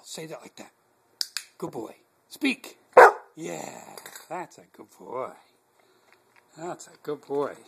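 A man talks to his dog at home in a slow, drawn-out way. His pitch leaps and swoops as he coaxes and praises the pet in a sing-song voice. A faint hiss sits under the home recording. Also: vocal fry. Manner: warm, earnest prayer at the end. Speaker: dog owner. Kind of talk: home video talking to a pet. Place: home living room with a couch. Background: dog in the room.

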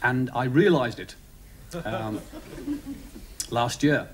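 Comic telling stories on stage. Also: male voice, slow pace, noisy background. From England. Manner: excitable comic storytelling, bursts into high-pitched put-on voices. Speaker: stand-up comedian. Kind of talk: stand-up storytelling. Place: theatre stage before a live audience. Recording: live TV stand-up, heavy audience laughter. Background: loud audience laughter.

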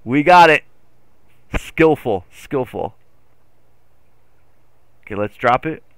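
Excitable, gravelly male game streamer. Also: medium pitch, slow pace, no echo. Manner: playful, excitable, jokey with chat. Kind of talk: live gameplay commentary.

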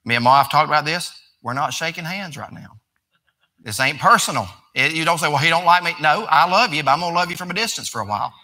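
A pastor, a man, preaching in a conversational, folksy manner. His voice is very bright and sits a bit high. He moves between easy talk and emphatic preaching. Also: lively intonation, fast talker. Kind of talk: folksy sermon.

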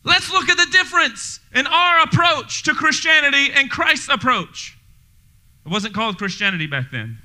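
Male pastor, sermon, very high voice, very bright tone, energetic, joking with the congregation, church. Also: normal speed. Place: church sanctuary before a congregation.

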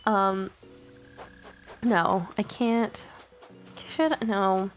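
A young woman hosting her gaming channel, chatting casually and excitably with many filler words. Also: fairly high pitch, very slow, pauses often, soft background music. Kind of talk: casual gameplay commentary.

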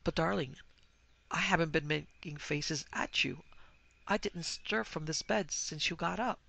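An earnest young wife, uneasy and a little defensive, as a woman reading the story voices her. Her tone stays close to the narrator's own, bright with a touch of gravel. It is a storybook reading. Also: deep voice, measured pace, dry recording, exaggerated voice.

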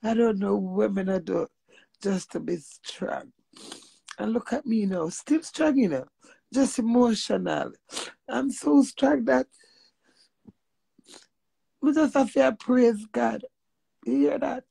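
Gravelly Jamaican woman giving emphatic testimony. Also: fairly high pitch, takes it slowly, long pauses, mellow, no echo. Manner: preachy and emphatic, often asking "you hear that?"; mixes patois with swearing. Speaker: vlogger sharing personal testimony. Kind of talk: emotional spoken testimony.

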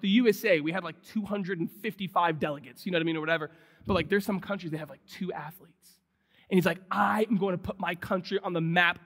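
A man in his thirties preaching a sermon as pastor, talking in an animated, conversational way. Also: high-pitched. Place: church sanctuary. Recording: long hall reverb.

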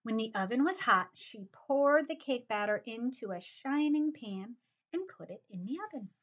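A woman reading a children's story aloud in a slow, expressive storytelling manner. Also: fairly high pitch. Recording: dull lo-fi recording.

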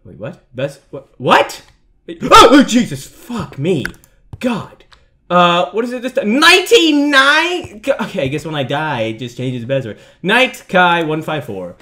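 A man's voice: on the high side, very animated, moderate pace, fairly bright tone. A young man commentating a horror game playthrough, jumpy and swearing, yelping and laughing at the scares. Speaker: gaming video host.

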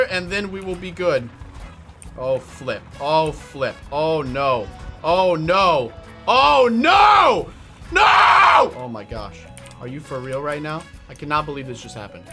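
A young man giving excited, jokey gameplay commentary as a YouTuber, often shouting when things go wrong. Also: on the high side. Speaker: gaming YouTuber.

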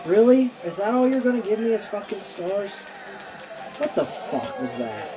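A woman's voice: medium pitch, very animated, normal speed, music in the background. A woman recording gameplay commentary, swearing and ranting at the game.

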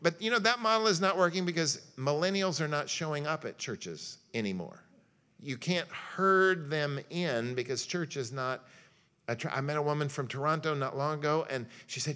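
A pastor gives a lecture at a church luncheon in a church hall, using jokes, homespun stories, and performed quotations to drive his message home. His fairly high voice sounds pushed and bright, moving at a normal pace.

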